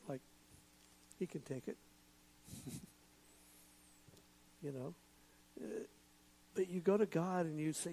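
A man giving a sermon in a relaxed, conversational way, with jokes and asides. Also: fairly high pitch, normal speed, vocal fry, pauses often, a little hiss or hum, low-quality recording. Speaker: pastor.

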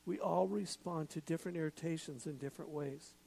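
A man giving a sermon in a relaxed, conversational way, with jokes and asides. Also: a little high, a little fast, gravelly, slightly rough, low-quality recording. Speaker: pastor.

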